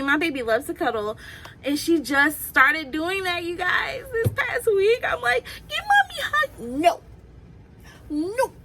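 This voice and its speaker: Young woman vlogger, pitched a bit high, chatty and open, laughs a lot. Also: pushed and bright, slight background noise, low-quality recording. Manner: chatty and candid, laughs often. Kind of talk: casual Q&A vlog.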